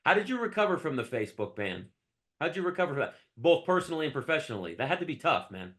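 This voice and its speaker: A man's voice: a little high, sing-song, quick pace, fairly bright tone. Male podcast host, friendly questions, encouraging, a bit distant from the mic. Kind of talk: interview questions.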